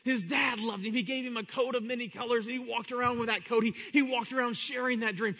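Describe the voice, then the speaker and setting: A man preaching a sermon, swinging between loud high bursts and quiet low asides, often repeating himself and acting out the voices of people in his story. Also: brisk, hardly any pauses.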